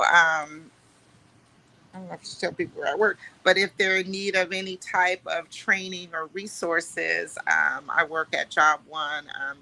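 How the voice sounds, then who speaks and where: A woman's voice: deep voice, gravelly, sharp tone, poor audio. A middle-aged woman, a podcast guest who chats openly, laughs often and calls herself emotional. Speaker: guest cast member. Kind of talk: casual chat.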